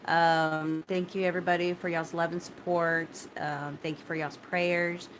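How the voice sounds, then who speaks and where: Shaken woman, halting low-voiced story. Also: level tone, slight background noise. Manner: halting and repetitive, many restarts and fillers, blunt swearing; shaken but steadying, talking straight to viewers. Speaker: vlogger recounting a personal ordeal. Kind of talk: casual spoken personal story.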